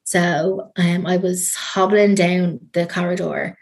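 A woman's voice: fairly low pitch, fairly even intonation, slow, darkish tone. An Irish woman telling a personal story as an interview guest, chatty and full of ums and likes. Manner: chatty, many ums and likes, trailing fillers.

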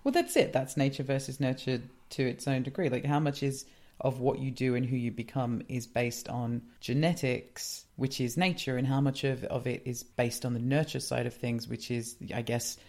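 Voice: medium pitch, moderate pace, darkish tone. Co-host, mid-range voice, teasing and dry in casual chat. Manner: teasing, dry quips, laughs along. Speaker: podcast co-host.

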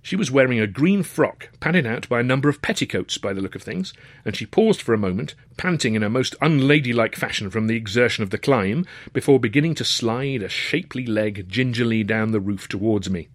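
A man's voice: mid-range voice, lively intonation, brisk, dry recording. A man reading his own novel aloud in a wry, dry-humoured, conversational storytelling manner. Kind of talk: storybook narration.

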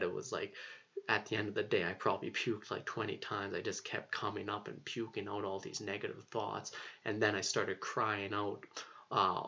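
A man's voice: lowish voice, vocal fry, bright, forceful tone, husky. A young man telling a personal story in a rambling, casual way, full of fillers and casual swearing. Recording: dull lo-fi recording.

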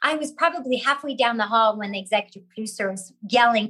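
An actress telling a lively story about her career, acting out other people's lines as she goes. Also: a little high, fast, hardly any pauses, rough recording. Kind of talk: animated storytelling with acted quotes.

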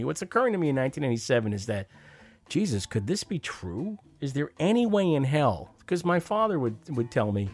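Ny guy spinning a salty story from his childhood, mid-pitched voice, faint music behind. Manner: wry, profane, acts out quoted voices. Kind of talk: personal storytelling monologue.

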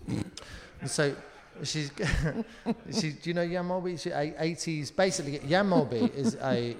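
A man from Surrey telling stories in casual chat on a live talk show, animated and swearing freely. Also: on the high side, a little slow, in a large hall. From Surrey, England. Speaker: comedian guest.

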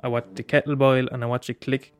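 A man's voice: medium pitch, level tone, fast talker, clear, resonant tone, no room sound, faint music behind. A man in a rambling casual monologue, swearing often and restarting his sentences.

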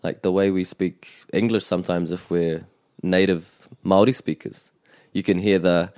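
A man hosting a bilingual language lesson, explaining in a measured way with small restarts. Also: sits low, steady tone, darkish tone, no echo, studio quality. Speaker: te reo Māori teacher and podcast host.

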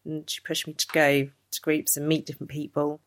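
A woman's voice: low voice, completely flat delivery, brisk. A mother chatting casually about her son, often laughing and acting out what other people said. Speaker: interviewee, mother. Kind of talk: casual chat.

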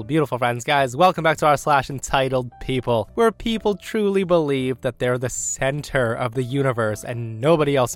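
A man hosting and narrating online stories in a chatty, sarcastic, animated way. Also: mid-range voice. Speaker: host narrating reddit stories. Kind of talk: storytelling narration.

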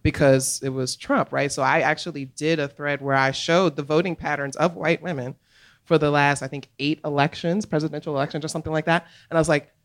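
A woman's voice: low voice, fairly quick. An adult American woman, the guest on a live podcast recorded on a comedy club stage, talking emphatically and laughing easily. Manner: animated, emphatic storyteller with laughter.

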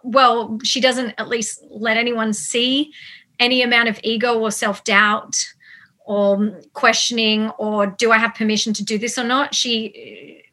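A woman guest in a casual interview, telling an animated story with many fillers and quoted asides. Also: on the high side, a little slow. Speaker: actor guest.

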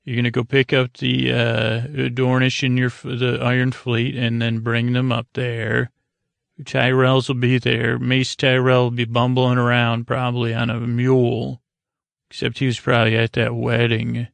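Gravelly man rambling a drowsy recap. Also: mid-range voice, completely flat delivery, dry recording. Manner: halting, full of fillers and restarts; drowsy, loose storytelling. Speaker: podcast host. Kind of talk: rambling sleep-podcast episode recap.

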